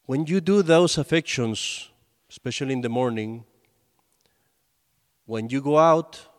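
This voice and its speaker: A man's voice: mid-range voice, unhurried. A man, a priest, giving a conversational sermon and telling stories with acted quotes. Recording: long hall reverb.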